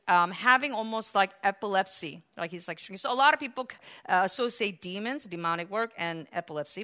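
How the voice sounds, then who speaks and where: A woman preaching a sermon, animated, acting out the voices of the people in her story. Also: mid-range voice. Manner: animated, acts out voices of biblical figures.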